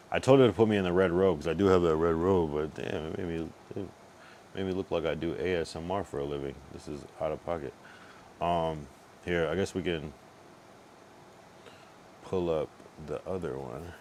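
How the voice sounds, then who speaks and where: A man's voice: low voice, normal speed, pauses often, a little mellow, a little hiss or hum. A man streaming late at night, a bit tipsy, rambling loosely with plenty of profanity as he reacts to things on screen. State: tipsy from drinking.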